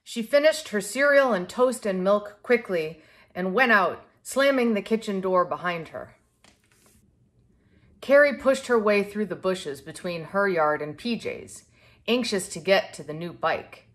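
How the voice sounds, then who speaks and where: A woman reading a children's picture book aloud to a young child in a clear, expressive way. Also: mid-range voice, measured pace. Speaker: storybook reader.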